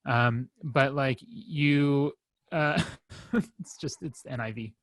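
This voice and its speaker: Young man, podcast co-host, rambling and halting, wry humor, mid-pitched voice, dry close sound. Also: dry recording. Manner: rambling, halting with many fillers and restarts; wry, self-deprecating humor. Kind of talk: casual chat.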